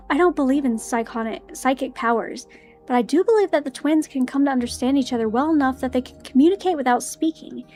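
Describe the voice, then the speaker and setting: Young woman game streamer, high voice, reads story text with nervous giggles. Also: brisk, a little mellow, faint music behind. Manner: giggly, easily spooked. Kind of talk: reading a visual novel aloud with commentary.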